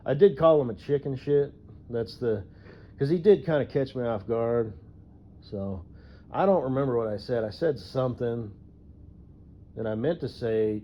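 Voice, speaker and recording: A man's voice: fairly low pitch, moderate pace, slight background noise. A man who drives trucks, ranting casually about a coworker, profane and rambling, chuckling to himself. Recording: dull lo-fi recording.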